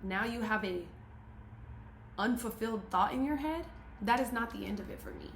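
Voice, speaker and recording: A woman's voice: on the high side, lively intonation, moderate pace, vocal fry, a little hiss or hum. A woman giving an emphatic, preachy motivational talk to camera, repeating her key phrases. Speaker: motivational speaker. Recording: roomy echo, faint ambience.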